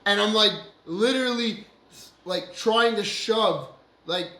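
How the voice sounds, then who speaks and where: A man's voice: high voice, takes it slowly, pushed and bright. A man co-hosting a casual show, telling a story with swearing and laughter and acting out the lines of other people. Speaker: podcast co-host. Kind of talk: animated storytelling among friends. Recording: roomy echo.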